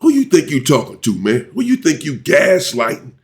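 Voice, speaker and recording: A man hosting his own commentary channel, ranting indignantly and jumping to high exclamations. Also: wildly swooping pitch, normal speed, a little mellow.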